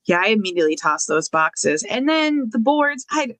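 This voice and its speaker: A woman's voice: fairly high pitch, sing-song, normal speed, fairly bright tone, slight background noise. A woman co-hosting a casual chat, rambling and enthusiastic with many fillers. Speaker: co-host.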